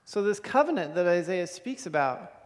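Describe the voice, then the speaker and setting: Male pastor with a high voice, earnest and repetitive, preaching in a reverberant hall. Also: big pitch swings, normal speed. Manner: earnest, repeats words and asks "okay?". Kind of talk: sermon.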